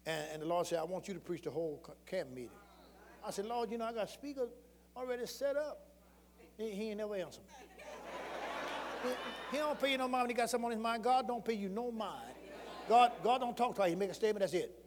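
A man preaching a sermon, telling folksy stories that swing from murmured asides to shouted exhortation. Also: very high-pitched, expressive, fast talker, long reverb tail. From rural Southern United States. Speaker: pastor.

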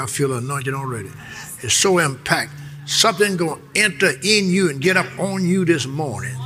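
A man's voice: on the high side, noisy background. A man preaching a sermon, emphatic and repetitive, reading verses and calling on the congregation to answer back.

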